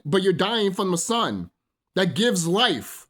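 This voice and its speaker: A man delivers a profane, rambling solo rant, stumbling through fillers as he preaches to his listeners. His voice sits somewhat high and swings widely in pitch as he works himself up. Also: big pitch swings, measured pace, a bit bright. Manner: preachy, addresses listeners as brothers and sisters. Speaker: vlogger. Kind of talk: solo ranting monologue.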